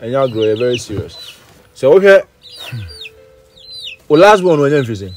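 A man's voice: medium pitch, sing-song, normal speed, a little hiss or hum. Emphatic Ghanaian male interviewer. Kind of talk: field interview for a charity video.

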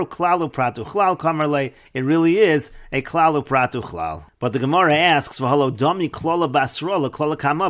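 Male Talmud teacher, a bit high-pitched, steady read-then-explain delivery. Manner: reads Aramaic phrases then explains in English. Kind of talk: Talmud lesson, reading and translating.

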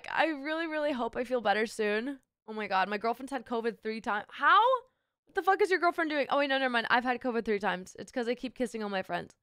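A woman's voice: on the high side, animated, quick pace, fairly bright tone, clear, resonant tone, big-room sound. Sick woman streamer, crude and playful. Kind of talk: casual live-stream chat.

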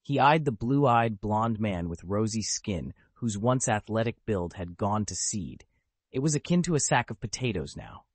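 A man reading a web novel aloud as an audiobook narrator, in steady storytelling. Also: fairly low pitch, moderate pace, breathy edge, dry recording. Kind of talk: scripted narration.

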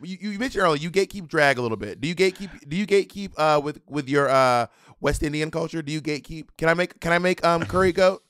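A man's voice: a little high, quick pace, fairly bright tone, clear, resonant tone, no room sound. A man co-hosting a casual podcast chat, playful and joking, breaking into silly fake-accent bits. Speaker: podcast co-host.

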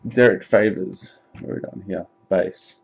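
Profane, excitable man with a low voice. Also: a little slow, creaky, breathy edge. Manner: chatty and profane, bursts into excited shouting. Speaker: card break streamer. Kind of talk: casual live commentary while opening card packs.

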